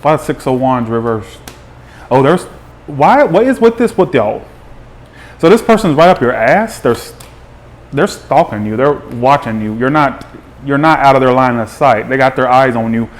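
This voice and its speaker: A man hosting a live tarot reading, chatty and animated, greeting viewers by name as he talks. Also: mid-range voice, moderate pace. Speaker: tarot reader.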